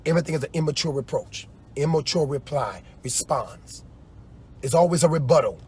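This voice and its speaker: A man preaching in a loose, animated way on a livestream, often acting out quoted voices. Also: a little high, brisk, slight background noise. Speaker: apostle.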